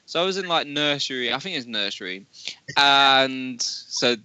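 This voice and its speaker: Guy, casual storyteller, very bright tone, dry close sound, lively pitch. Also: moderate pace, no room sound, poor audio. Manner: laughing, swearing, rambling anecdotes.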